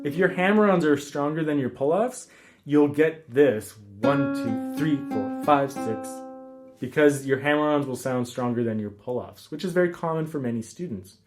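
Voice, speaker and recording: A man teaching a guitar lesson in a relaxed, casual way, counting rhythms aloud with frequent ums. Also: on the high side, normal speed. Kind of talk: casual instructional talk.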